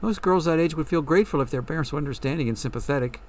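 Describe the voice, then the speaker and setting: A man reading a story, voicing a calm woman fortune teller who asks measured, probing questions. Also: fairly high pitch, close to an everyday voice. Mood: counseling.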